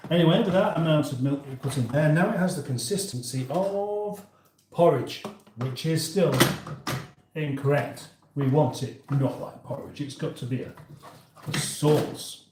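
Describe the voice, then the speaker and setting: Speaking in a mid-range voice with a darkish tone, this northern English man streams himself cooking at home. He rambles in a relaxed way and voices viewer comments as he works, with a bit of echo and faint background noise in the kitchen.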